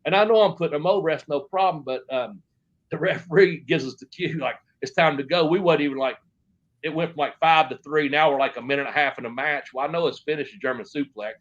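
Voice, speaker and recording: A man's voice: on the high side, fast, muffled recording. A middle-aged man telling wrestling stories in a rambling, profane way, with many restarts and quoted back-and-forth dialogue. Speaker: interview guest. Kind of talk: casual storytelling.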